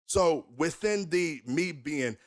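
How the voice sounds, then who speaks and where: Animated young man telling his story. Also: on the high side, slow pace. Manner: animated, emphatic, rhetorical questions. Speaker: minister, interview guest. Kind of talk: candid conversational storytelling.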